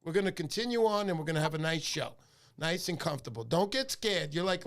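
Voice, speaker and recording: A man hosting a fishing livestream, chatting in an animated, joking, rambling way. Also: fairly high pitch, quick pace, gravelly. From New York. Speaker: livestream fishing show host. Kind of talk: casual livestream chat.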